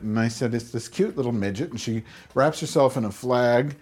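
His voice sits in the middle range, slightly rough and darkish in tone, at a moderate pace. He's a podcast host spinning crude, rambling comic tales on his own show, performing both sides of the dialogue and raising his voice for the quotes.

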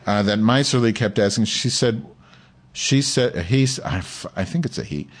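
A man's voice: on the low side, moderate pace. A man hosting a live podcast, talking in a crude, profane, ranting way to his listeners. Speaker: podcast host. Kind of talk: live call-in podcast chat.

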